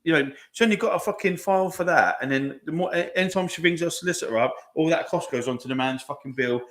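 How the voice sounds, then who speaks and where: Man, thirties, casual podcast chat, emphatic, sweary, very quick pace. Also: on the high side, fairly bright tone, slight background noise. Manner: fast, emphatic, heavy swearing, says "mate" often. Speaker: podcast co-host.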